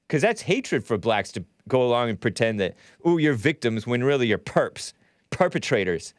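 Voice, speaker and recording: A man's voice: medium pitch, fairly bright tone, no echo, clean studio sound. Rambling, sardonic male talk show host. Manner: rambling, sardonic, laughs at own jokes. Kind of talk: solo political talk show monologue.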